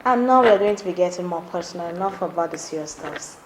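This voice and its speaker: A woman's voice: fairly low pitch, lively intonation, quick pace, slight background noise. A woman hosting a talk show, introducing breaks and asking her guest questions. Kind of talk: interview hosting. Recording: echoey studio room.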